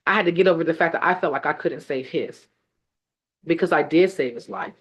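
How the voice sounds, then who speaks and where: A woman hosting an online event, telling her own story with deep feeling and close to tears, speaking straight to her audience over a video call. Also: brisk, dull audio. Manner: tearful, heartfelt, speaks directly to the audience. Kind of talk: emotional testimony on a video call.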